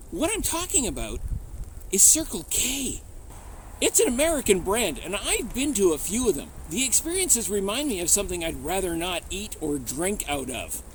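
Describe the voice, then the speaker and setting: A man's voice: high voice, slight background noise, poor audio. A man hosting a comedy show, delivering an irritated, sarcastic scripted rant. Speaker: comedy show host in bear costume.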